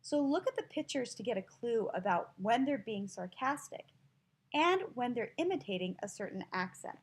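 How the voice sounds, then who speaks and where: A woman from Utah teaching a classroom listening lesson in a slow, clear, explanatory manner. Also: fairly high pitch, expressive.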